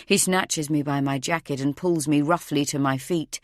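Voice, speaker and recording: Low-voiced woman narrating a thriller. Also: moderate pace, no echo, clean studio sound. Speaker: audiobook narrator. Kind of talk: first-person thriller narration.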